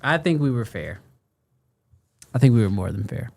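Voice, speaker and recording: A man hosting a casual livestream talk show, joking with his co-host and reading chat out loud. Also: mid-range voice, sing-song, normal speed, gravelly. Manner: playful, laughing, reads chat aloud. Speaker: podcast host.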